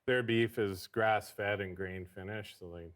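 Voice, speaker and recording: A man guest chef explaining his cooking in a relaxed, hesitant way with frequent ums. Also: fairly low pitch, measured pace. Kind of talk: casual explanatory chat.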